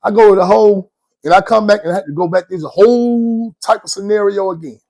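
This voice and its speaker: A man's voice: high-pitched, fast, darkish tone. A man, casually telling his own story in a slangy, rambling way and often checking in with the listener. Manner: slangy, rambling, keeps asking "you know what I'm saying".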